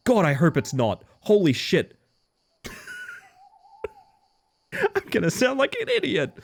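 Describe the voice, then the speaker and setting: A man streaming a video game live, reacting in an animated, sweary way and laughing often. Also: high voice, slow pace, gravelly, pauses often, slightly rough.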